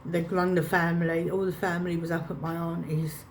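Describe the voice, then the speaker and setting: A woman's voice: lowish voice, level tone, fairly quick, a little hiss or hum. A woman telling a painful personal story to camera, emotional and reenacting her own past words. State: choked up. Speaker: vlogger.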